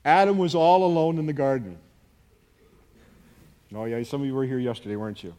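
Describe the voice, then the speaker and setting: A middle-aged man preaching a sermon, earnest, moving between hushed and emphatic delivery. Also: medium pitch, lively intonation, fairly quick. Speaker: pastor.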